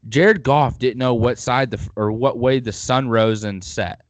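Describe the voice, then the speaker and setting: A man's voice: medium pitch, measured pace, dry recording. A man hosting a podcast, chatting casually and at length about football with opinionated rambling. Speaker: podcast host.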